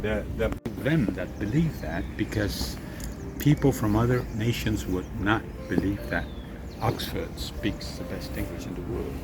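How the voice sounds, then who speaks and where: A man's voice: on the low side, a little slow, noisy background. A man from Costa Rica with a Costa Rican accent and Spanish as his first language, a restaurant owner explaining local sayings to visitors in a playful, teasing, theatrical way. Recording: loud background music. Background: music.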